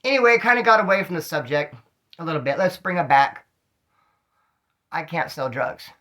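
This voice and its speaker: A man telling stories from his own street life in casual slang, animated and acting out the dialogue. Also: on the high side, normal speed. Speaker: storyteller recounting street life. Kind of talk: casual storytelling monologue.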